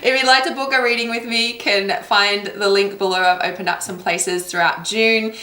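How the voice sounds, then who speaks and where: Woman, card reader giving a casual spiritual reading, encouraging tone, mid-pitched voice, roomy echo. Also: fairly even intonation, moderate pace, pushed and bright, slight background noise. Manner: affirming, laughs often.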